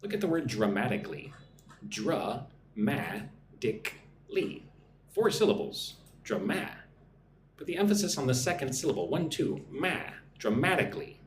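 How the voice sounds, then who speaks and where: A man's voice: a little high, big pitch swings, brisk, echoey room, a little hiss or hum. A man teaching English vocabulary on a live stream. He explains patiently, breaks words into syllables and often checks in with "right?".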